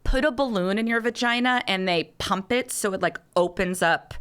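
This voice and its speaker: A woman, a podcast guest, telling a rambling, animated story in casual chat with many restarts. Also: mid-range voice, moderate pace, smooth.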